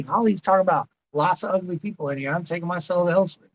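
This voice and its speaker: A man's voice: high voice, fast, hardly any pauses, dull audio. A man in his late thirties hosting a livestream, rambling casually and answering chatters by name. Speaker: livestream host reading chat.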